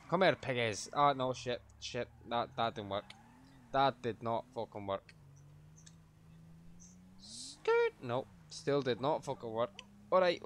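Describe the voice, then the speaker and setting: A young man streaming a game live, cursing and hurling insults at everyone he runs into. His voice sits at an ordinary middle pitch, and his running commentary swings between muttered grumbles and loud outbursts. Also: a little hiss or hum. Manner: profane, ranting, yelling insults at game characters. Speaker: livestreamer.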